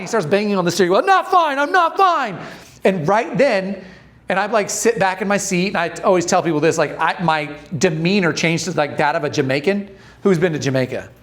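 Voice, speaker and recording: A man giving a talk to an audience, telling stories, quizzing the crowd and acting out the voices in his stories. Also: high-pitched. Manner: storytelling, asks the audience questions, acts out voices. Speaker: speaker training dental or medical teams.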